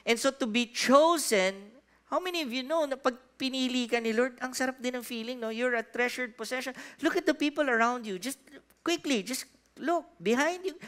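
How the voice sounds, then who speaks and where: A man with a Filipino accent, preaching a sermon in church, animated and asking the congregation questions, moving between soft and loud. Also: very high-pitched. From Philippines. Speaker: pastor.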